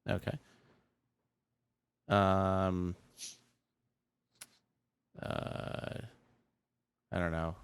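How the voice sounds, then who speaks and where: Deep, smooth-voiced male podcast co-host. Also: flat delivery, drawn-out words, pauses often, no room sound. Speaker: podcast co-host reading listener questions. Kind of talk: casual chat.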